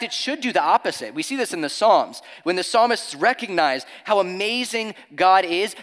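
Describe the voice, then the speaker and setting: A man's voice: sits high, fairly bright tone. Earnest man preaching in a hall. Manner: earnest, emphatic, reads scripture aloud. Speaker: pastor. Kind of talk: sermon.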